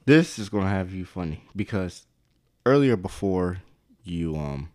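A man's voice: low voice, animated, unhurried, a little mellow. A man co-hosting a podcast, chatting casually and joking, acting out funny bits as he tells stories. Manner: joking, storytelling with acted-out impressions. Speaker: podcast co-host. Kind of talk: casual chat.

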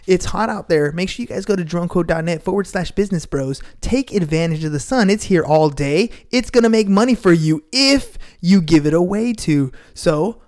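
A man's voice: sits high, lively intonation, moderate pace, few pauses, a little mellow. A man co-hosting a podcast, doing an upbeat, salesy sponsor read in a casual way. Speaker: podcast co-host.

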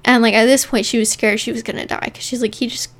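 A woman's voice: on the high side, level tone, fast, fairly bright tone. A woman co-hosting a podcast, casually telling a true-crime story and often saying "like" as she goes. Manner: chatty, leans on "like" while narrating.

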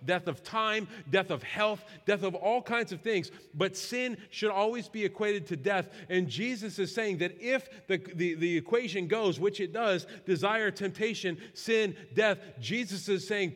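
A man's voice: high-pitched, unhurried, few pauses, a bit bright. A man preaching a sermon as a pastor, earnest and repeating rhetorical questions to the congregation. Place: church sanctuary. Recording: long hall reverb with faint guitar.

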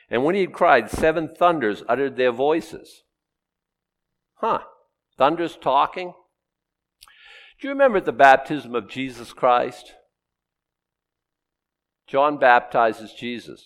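A middle-aged man preaching a sermon, teaching through a Bible passage in a conversational way with sudden loud rises. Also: mid-range voice. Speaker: pastor.

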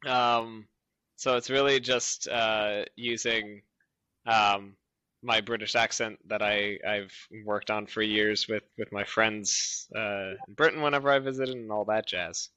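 A man's voice: on the low side, fairly even intonation, measured pace, bright, forceful tone, clean tone, no echo. An American man with an American accent, a voice actor guest in an interview, snarky and hesitant, with many fillers. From United States. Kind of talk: casual interview chat.

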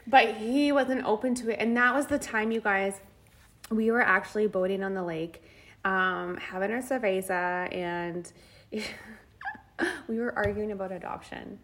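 An animated woman in her thirties talks through a personal story in a relaxed chat. She jumps between voices as she acts out what people said, laughs often, and lets the odd swear slip. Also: medium pitch, unhurried. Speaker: podcast co-host. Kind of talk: casual chat.

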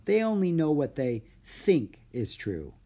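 A dreamy old Irish storyteller who believes in fairies, as a reader puts her on. Her telling is hushed and lilting, rising and falling widely, with a husky grain to the voice. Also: medium pitch, big pitch swings, a little slow, pitched above the performer's own voice. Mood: calm.

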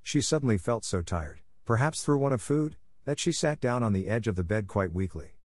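A man narrating a classic novel as an audiobook in a steady, even telling. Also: lowish voice, normal speed, dry recording, clean studio sound.

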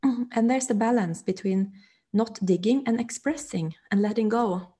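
A woman's voice: fairly high pitch, normal speed, mellow, breathy edge. A woman hosting a podcast who asks hesitant, meandering questions full of fillers. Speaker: podcast host. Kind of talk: podcast conversation.

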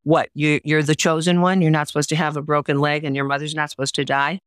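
Speaking fast in a deep, clear, resonant voice with little pitch movement, an older woman shares personal stories during an interview. She's a memoir author and writing teacher whose delivery is earnest and emphatic, and she performs quoted voices. The studio-quality recording has no echo.

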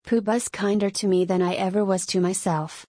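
A woman's voice: medium pitch, flat delivery, warm tone, dry recording, lightly acted. Woman narrator doing a tired, fussy older-middle-aged man; dry read. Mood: brisk. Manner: tired and yawning, then briskly cheerful.

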